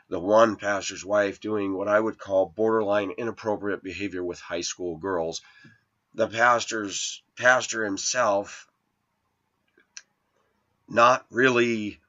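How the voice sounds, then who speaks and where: A man's voice: fairly low pitch, a bit bright. A man telling a long personal story in a rambling, aggrieved monologue, his voice rising when he replays arguments. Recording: lo-fi dull sound.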